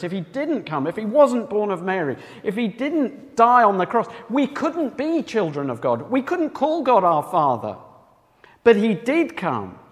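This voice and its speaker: Lively high-voiced male preacher in a hall. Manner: emphatic, asks the congregation rhetorical questions. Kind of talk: sermon. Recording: long reverb of a hall.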